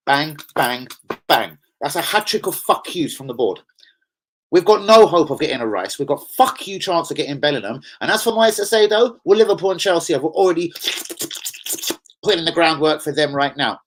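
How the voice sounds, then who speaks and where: A man's voice: sits high, a bit bright. A man ranting angrily on a live stream as a football fan streamer, swearing heavily and getting worked up. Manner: angry, profane, heated.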